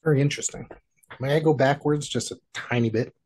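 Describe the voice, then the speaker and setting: Halting male interview host. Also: medium pitch, fairly even intonation, a little mellow, husky. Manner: halting, self-correcting questions while recalling a memory. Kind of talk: casual interview.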